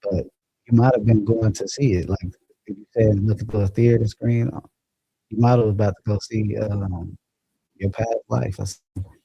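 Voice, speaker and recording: A man's voice: fairly low pitch, fairly even intonation, moderate pace, gravelly, slightly rough, no echo, lo-fi sound. A man hosting a casual livestream, chatting loosely and profanely and laughing as he reads viewer comments. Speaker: livestream host. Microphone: phone or computer mic.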